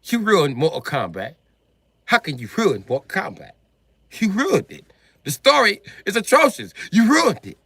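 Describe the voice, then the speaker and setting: A man voicing an irate British man who scolds game developers, shouting and repeating insults in a put-on British accent. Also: sits high, huge pitch swings, moderate pace, slightly rough, no room sound, pitched above the performer's own voice, exaggerated voice. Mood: furious ranting.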